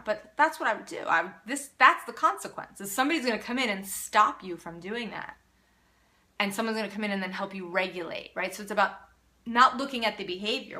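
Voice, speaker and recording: A middle-aged parenting coach hosts a live Q&A in a bright, clear, mid-range voice. Earnest and animated, she reads viewer comments aloud and answers each one at length.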